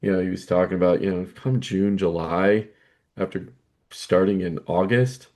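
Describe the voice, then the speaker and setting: Low-voiced male podcast co-host. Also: steady tone, normal speed, a little mellow. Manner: conversational, fillers like you know and right. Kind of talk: casual podcast chat.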